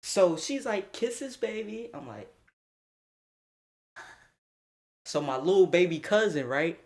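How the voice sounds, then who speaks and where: A young man streaming a casual storytime, slangy and animated, laughing often as he talks. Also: fairly high pitch, slow pace.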